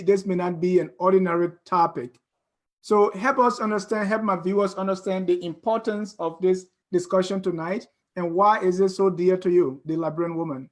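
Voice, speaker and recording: A man hosting an interview show, speaking informally and loosely phrasing his questions. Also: sits high. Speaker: talk show host.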